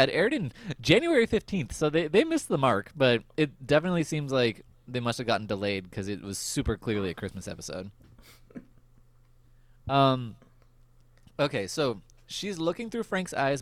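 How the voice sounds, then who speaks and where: Chatty man with a lively voice. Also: mid-range voice, normal speed, no echo. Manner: chatty, laughs often, many fillers. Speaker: podcast host. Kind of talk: casual chat recapping a TV episode.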